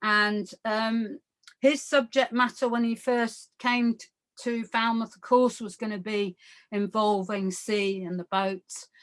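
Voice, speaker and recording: A woman gives an illustrated art history lecture in a fairly high, steady, fairly bright voice, speaking slowly. Her style is conversational, full of fillers and asides, and she often checks in with her listeners.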